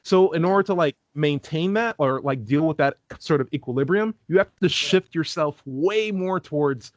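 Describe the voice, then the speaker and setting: A man's voice: on the high side, moderate pace, no echo, lo-fi sound. A young man from California, a guest on a video call, chatting casually and rambling with many fillers. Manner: rambling, lots of "like", acts out quoted voices. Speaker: street epistemologist guest. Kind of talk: casual interview chat.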